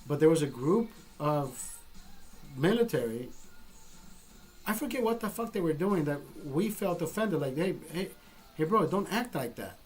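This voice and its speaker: A man from Honduras with a Honduran accent, telling a story casually and profanely, acting out what people said. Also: fairly high pitch. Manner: profane, animated storytelling with acted-out quotes. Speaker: podcast host.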